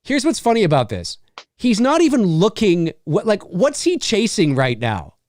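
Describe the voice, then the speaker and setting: A man's voice: sits high, normal speed, no echo. A man co-hosting a casual movie watch-along, riffing with lots of swearing and laughter. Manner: animated, profane, laughing riffs. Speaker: podcast co-host.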